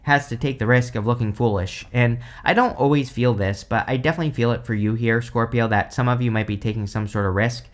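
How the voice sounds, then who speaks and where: A man's voice: mid-range voice, steady tone, brisk, few pauses. A man giving a casual tarot reading to camera, rambling with many fillers and restarts, tired and stifling yawns. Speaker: tarot reader.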